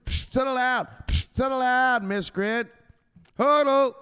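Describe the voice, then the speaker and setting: A bossy enforcer , put on by a man, barks orders in a raised, strained voice that sits far above his normal pitch. He is domineering and scolding. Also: slow, fairly bright tone, clean tone, exaggerated voice. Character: bossy male crypto enforcer scolding sellers.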